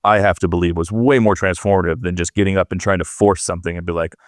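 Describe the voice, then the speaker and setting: A man's voice: deep voice, steady tone, fast, no echo, clean studio sound. A man co-hosting a leadership podcast, thinking aloud in a loose, conversational way with lots of fillers. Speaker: podcast co-host.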